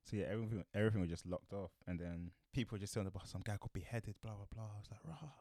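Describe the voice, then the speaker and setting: A man's voice: fairly low pitch, steady tone, rapid-fire, a little mellow, no echo, clean studio sound. A young man with a South London accent, co-hosting a casual podcast chat in laid-back slang and laughing often. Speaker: podcast co-host.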